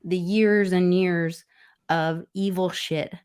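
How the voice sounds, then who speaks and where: A woman with a fairly low voice co-hosting a casual online chat. She talks earnestly in long, run-on thoughts. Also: fairly even intonation, takes it slowly, a little mellow, clean tone. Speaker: co-host.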